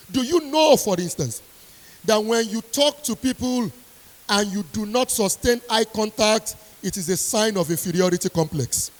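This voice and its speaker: A woman university lecturer giving an emphatic motivational speech to an audience, repeating her key lines sternly. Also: fairly high pitch. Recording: long hall reverb.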